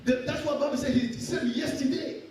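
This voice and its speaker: A man's voice: very high-pitched, fairly even intonation, brisk, darkish tone. A man preaching a sermon in an emphatic, exhorting way, repeating his key phrases. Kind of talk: sermon with call-and-response. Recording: echoey hall, from far off.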